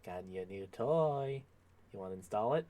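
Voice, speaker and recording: A man putting on the quick, coaxing voice of an eager male tinkerer offering a new weapon. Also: lowish voice, animated, dark tone, lightly acted.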